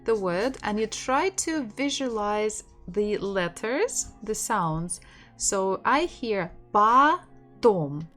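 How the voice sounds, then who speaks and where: A woman's voice: mid-range voice, animated, slow, soft background music. A woman with a Russian accent teaching an online language lesson, patiently repeating words for learners.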